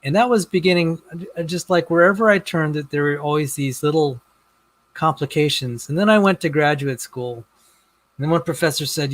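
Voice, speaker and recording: A man being interviewed, telling his story in a rambling, halting way with many restarts. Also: fairly high pitch, low-quality recording. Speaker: interview guest. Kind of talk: casual conversation.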